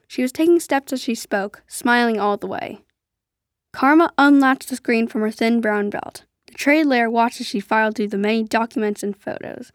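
A woman narrating an adventure story aloud in a steady storytelling way. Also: on the high side, normal speed, dry recording, studio quality. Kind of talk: storybook reading.

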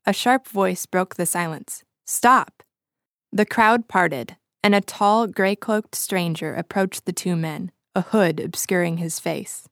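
Woman storyteller, expressive read-aloud, dry close mic. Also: lowish voice, unhurried, gravelly, hardly any pauses, no echo. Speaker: narrator.

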